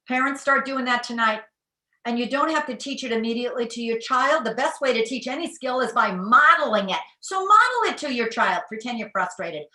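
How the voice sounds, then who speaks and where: A middle-aged woman speaks with a bright voice, a little high for a woman, and gives a lively parenting talk. She slips into the voices of the parents and children she quotes. The room behind her rings with echo. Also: moderate pace.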